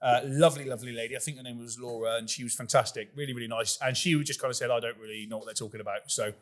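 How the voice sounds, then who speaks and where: A man's voice: medium pitch, fairly even intonation, racing. A young man co-hosting a podcast, rambling through crude, sweary stories and laughing often. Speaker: podcast co-host. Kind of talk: crude casual banter.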